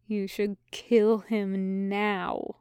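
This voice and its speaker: A woman voicing a malicious male voice in someone's head, slow, hissing and coaxing. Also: mid-range voice, little pitch movement, a little mellow, smooth, no echo, studio quality. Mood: menacing.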